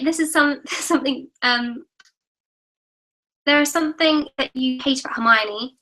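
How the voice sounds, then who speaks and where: A woman's voice: high-pitched, a bit bright, low-quality recording. A teenage girl, chatty and apologetic, hosting a live-stream Q&A and reading out viewer comments. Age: teens. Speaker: YouTube host.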